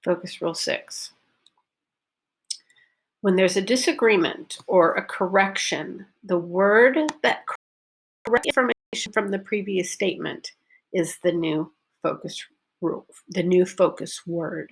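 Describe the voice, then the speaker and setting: A woman teaching a pronunciation lesson, modeling focus words slowly and deliberately for students to repeat. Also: fairly low pitch. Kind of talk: recorded online lesson.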